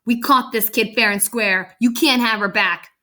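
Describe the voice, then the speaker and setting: A woman's voice: a little high, fairly even intonation, moderate pace, bright, forceful tone. A woman voicing a smug, stubborn big fish in a read-aloud storybook.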